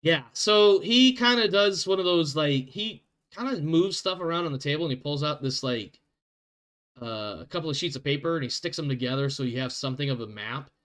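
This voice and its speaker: A man's voice: a little high, lively intonation, a little fast, a bit bright. A man running a tabletop game as game master, narrating loosely, laughing easily and rambling.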